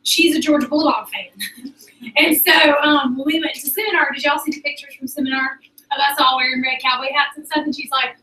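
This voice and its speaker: A high, bright-voiced woman gives a motivational talk to her sales team. Her chatty, animated delivery carries through a roomy space, picked up from some distance. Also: fast. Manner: chatty, animated, addresses the audience as "y'all". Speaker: sales director. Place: meeting room with an audience.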